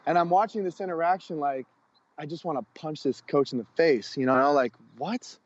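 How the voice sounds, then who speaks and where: A man speaking as a guest coach educator on a podcast, telling stories in an earnest, expressive way. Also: on the high side, a little fast, no room sound. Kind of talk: storytelling interview talk. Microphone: podcast microphone. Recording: dull lo-fi sound.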